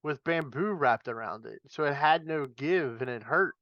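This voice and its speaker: A man's voice: on the high side, moderate pace, no echo, dull audio. A man hosting a podcast, leading casual wrestling chat and laughing easily. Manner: leads questions, laughs easily. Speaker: podcast host.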